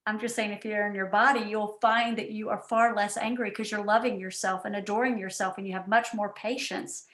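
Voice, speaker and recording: A woman giving an animated, chatty coaching talk on a team call, full of asides. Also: mid-range voice, a little fast. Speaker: guest speaker and coach. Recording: roomy echo.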